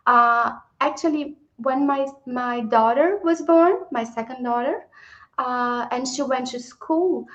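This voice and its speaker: A woman author answering interview questions, warm and hesitant, with a giggly manner. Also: high-pitched, lo-fi sound. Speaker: guest author. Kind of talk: live-stream interview answers.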